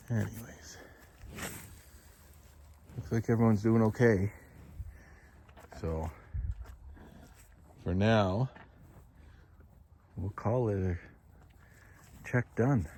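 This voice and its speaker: Deep-voiced rancher outdoors. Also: male voice, very slow, long pauses, dark tone. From Alberta, Canada. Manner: chatty, talks fondly to his cows. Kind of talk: casual vlog chat. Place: outdoors in a snowy calving yard. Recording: outdoor wind and noise.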